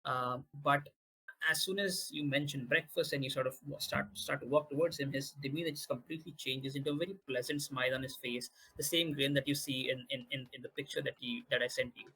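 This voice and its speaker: Husky, halting male game master. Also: medium pitch, steady tone, sharp tone, low-quality recording. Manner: halting, many restarts. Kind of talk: narrating a tabletop game.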